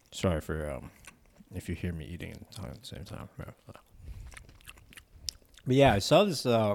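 A man with a fairly low voice chats loosely while eating. English is not his first language, and he rambles with slang, fillers and frequent laughter. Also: a little mellow. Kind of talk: casual chat while eating.

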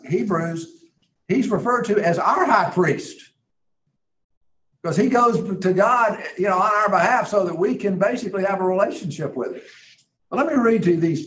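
A man's voice: sits high, poor audio. A man teaching a Bible class in a conversational way, earnest and emphatic, thinking aloud as he reads scripture.

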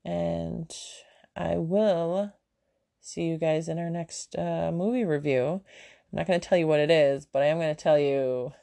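A woman's voice: sits low, steady tone, measured pace, creaky, warm tone. A woman in her thirties hosting a casual solo podcast at home, chatty and self-mocking, her mouth sore and her words a little slurred. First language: German. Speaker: podcast host. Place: home room with kids nearby.

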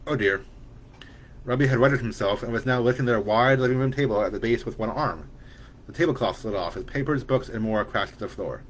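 A man reading his own story aloud, brisk and stumbling over words now and then. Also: on the low side, slight background noise. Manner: brisk, with frequent restarts.

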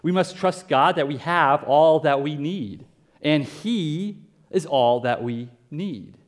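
A pastor preaching a sermon in a conversational way, with asides and everyday comparisons. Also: male voice, on the high side, takes it slowly.

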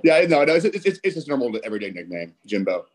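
A man who owns a bar, a podcast guest who talks in halting starts with chuckles. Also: medium pitch, big pitch swings. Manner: halting, self-interrupting, chuckling. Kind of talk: casual podcast chat.

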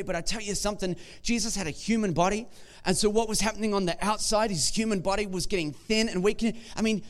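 A man giving a sermon as pastor, in a conversational, joking way and often repeating words. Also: sits high. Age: young adult or middle-aged.

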